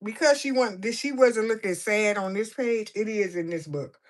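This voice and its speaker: A woman's voice: mid-range voice, normal speed. Chatty, playful woman vlogger. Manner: playful, chatty, laughing commentary. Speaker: coloring vlogger. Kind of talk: casual chat while coloring.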